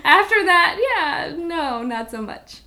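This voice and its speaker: A young woman co-hosts a movie podcast with a lively, bouncing voice that has a gravelly edge. She jokes and tosses off playful asides in casual chat. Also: high voice. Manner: playful, quick asides, giggly. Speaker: podcast co-host.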